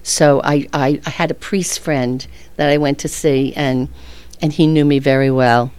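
A woman's voice: extremely low pitch, steady tone, measured pace, darkish tone, clear, resonant tone, no echo. A middle-aged woman earnestly telling a personal faith story, often laughing as she speaks. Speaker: guest.

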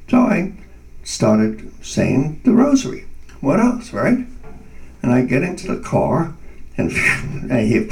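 A man shares a personal faith testimony in an interview, earnest and animated. His voice has a gravelly texture and sits a little back from the microphone. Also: mid-range voice, slow, recorded from a distance, poor audio. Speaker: guest.

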